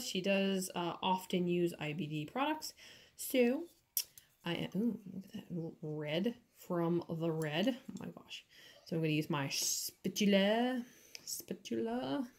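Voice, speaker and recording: A woman doing nails in her home studio, talking through each step in a casual, chatty way with lots of fillers. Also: medium pitch. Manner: slow, chatty, with many fillers. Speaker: nail artist. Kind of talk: casual tutorial chat.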